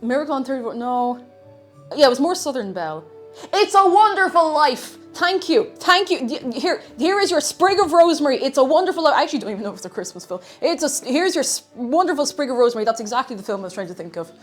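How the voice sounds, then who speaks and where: A woman's voice: on the high side, big pitch swings, very fast, faint music behind. An Irish woman streaming casually while she cooks, chatty and a bit scatterbrained, humming little tunes between thoughts. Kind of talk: casual live-stream chat while cooking.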